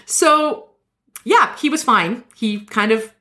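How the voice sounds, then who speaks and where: Lady podcaster spinning a yarn, super animated, voices the quotes. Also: takes it slowly. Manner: animated, acts out quotes with shifting pitch. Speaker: podcast host. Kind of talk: casual storytelling chat.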